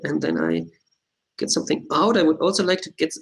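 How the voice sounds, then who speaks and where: A man playing in a tabletop role-playing game, describing his character's actions in a calm, matter-of-fact way. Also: fairly high pitch, fairly quick, rough recording. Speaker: player.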